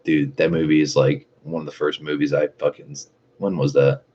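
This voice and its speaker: A man's voice: a bass voice, little pitch movement, moderate pace, darkish tone, highs cut off, slight background noise. A man in his thirties streaming, chatting casually in a profane, laid-back way and laughing often. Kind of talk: casual chat.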